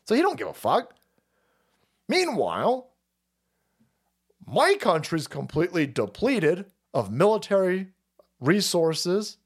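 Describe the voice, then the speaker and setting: A man's voice: high voice, big pitch swings, moderate pace. Sarcastic foul-mouthed male streamer. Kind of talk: profane political rant stream.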